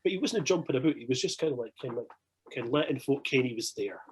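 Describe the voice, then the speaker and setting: A man with a Scottish accent, swearing freely as he tells animated anecdotes in a casual podcast chat. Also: mid-range voice, fast talker, a little hiss or hum, low-quality recording.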